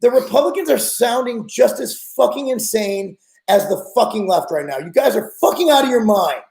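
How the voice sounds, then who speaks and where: Podcast host, man in his forties, high-pitched, blunt exasperated rant, echoey room. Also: animated, normal speed, creaky, a little mellow. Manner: blunt, profane, exasperated ranting.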